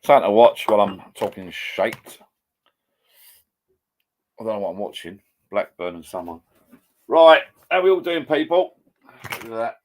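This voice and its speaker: Older man with a low voice, chatty livestream host who rambles casually from his home bar. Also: lively intonation, normal speed, pauses often, a little hiss or hum. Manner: chatty, rambling, reads viewer comments aloud. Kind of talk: casual live chat.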